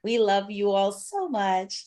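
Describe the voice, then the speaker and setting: A middle-aged woman hosts a casual podcast chat, mid-pitched and bubbly. She laughs easily and leans on fillers as she talks. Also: lively intonation, takes it slowly, darkish tone. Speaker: podcast host.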